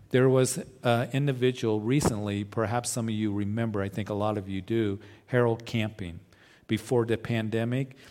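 A man's voice: medium pitch, a little mellow. A male pastor preaching a conversational sermon, often asking rhetorical questions.

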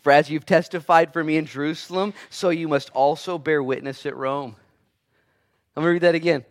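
A man preaching a sermon as pastor, swinging between quiet and loud delivery and acting out the voices he quotes. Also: on the high side, fairly even intonation, normal speed.

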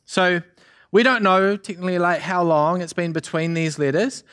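Young man, youth pastor, sermon, high bright-sounding voice, chatty, energetic. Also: moderate pace, smooth. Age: young adult. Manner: energetic, chatty, many fillers and asides.

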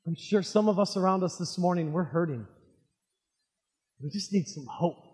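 A male pastor delivering an animated sermon, throwing call-and-response questions to his congregation. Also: sits high, moderate pace, big-room sound. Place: church sanctuary with congregation.

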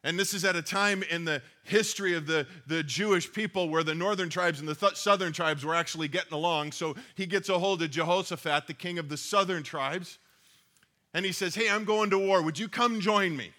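A male pastor preaches in a relaxed, conversational storytelling manner. His voice is bright and forceful, and it sits a little high for a man. He reads scripture and retells stories as though chatting with his listeners. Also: brisk. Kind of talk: sermon.

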